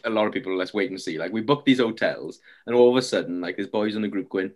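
With a lowish voice and a quick pace, this young Brit tells stories on the podcast he co-hosts. The mood is relaxed pub banter, animated and full of jokes.

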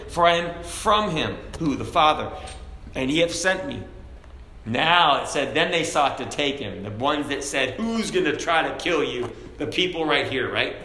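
Preacher guy teaching bible study, kinda high bright voice, gets loud and animated, reads old-style scripture. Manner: animated, raises his voice for emphasis. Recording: echoey room with faint background noise.

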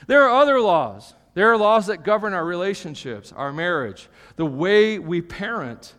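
A man's voice: high voice, expressive, normal speed, a bit bright. A man preaching a live sermon to a congregation, emphatic, tagging his points with "okay?" and joking asides. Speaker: pastor. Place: church hall with an audience. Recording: long reverb of a church hall.

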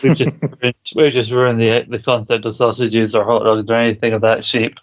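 A man's voice: mid-range voice, little pitch movement, normal speed, muffled recording. A man co-hosting a podcast, rambling in casual chat, laughing often and swearing casually. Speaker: podcast co-host. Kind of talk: casual chat about a TV show.

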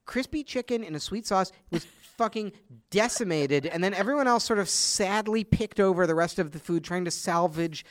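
A man's voice: sits high, normal speed. A man riffing on a comedy podcast in an emphatic, profane rant. He is close on a dry studio mic with no room echo. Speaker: podcast co-host. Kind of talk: casual comedic banter.

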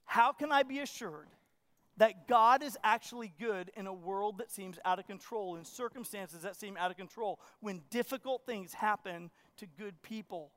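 A pastor preaching a sermon in church, telling stories with energy and questioning the congregation. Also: male voice, sits high, moderate pace. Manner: animated storytelling, acts out his own panic.

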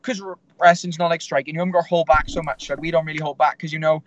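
A man's voice: fairly high pitch, steady tone, racing, lo-fi sound, slight background noise. A man, a fighter telling stories in a casual interview, rambling with lots of fillers. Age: 20s. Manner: rambling storytelling with many fillers. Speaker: MMA fighter guest.

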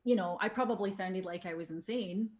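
Woman, Scottish accent, middle-aged, casual interview guest, chatty, average pitch. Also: fairly quick. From Scotland. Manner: chatty, swears casually, lively with frequent fillers.

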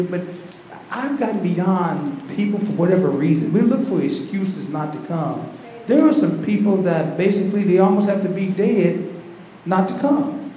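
Male pastor, high voice, fervent sermon delivery, echoey church hall recording. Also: warm tone. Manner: preaching with rising fervor and repetition. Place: large echoing church hall. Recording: very echoey church hall, faint background noise.

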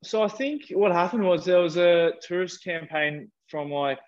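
A man's voice: high voice, moderate pace. Australian young man, dull lo-fi sound. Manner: rambling, many fillers like "like". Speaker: podcast guest. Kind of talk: casual chat.

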